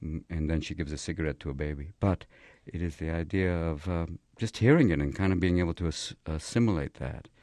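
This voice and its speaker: A man being interviewed in a radio studio, firing off rapid jokes and slipping into funny voices. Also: sits low, dark tone, no room sound. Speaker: guest comedian.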